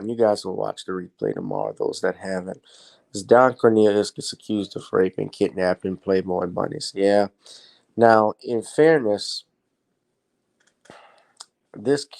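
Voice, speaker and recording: Low, mellow-voiced man hosting a stream. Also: creaky, low-quality recording. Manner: rambling, opinionated, trails off. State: tired, yawning. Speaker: live-stream host. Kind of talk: casual live-stream commentary.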